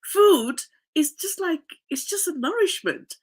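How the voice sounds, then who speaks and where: A woman's voice: very high-pitched, expressive, unhurried. A woman life coach in casual podcast chat, nasal and congested from a cough, rambling and laughing often.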